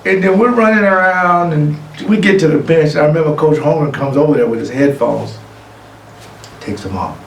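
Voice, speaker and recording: Middle-aged man, award speech, gravelly and fairly high voice, echoey room, distant mic. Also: normal speed, slight background noise. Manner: lively anecdotal storytelling. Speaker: award recipient and guest speaker. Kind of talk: storytelling speech. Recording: echoey room from far off, faint ambience.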